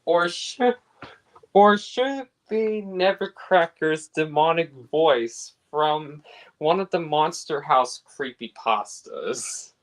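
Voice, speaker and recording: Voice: medium pitch, slow pace. A participant in a casual livestream chat who gives brief agreeing replies.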